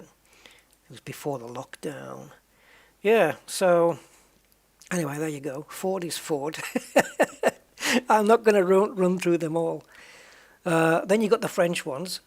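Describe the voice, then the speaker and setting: Rambling man musing over a racing game. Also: a little high. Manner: rambling, musing and self-correcting. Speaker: gaming channel host. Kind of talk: casual commentary while playing a racing game.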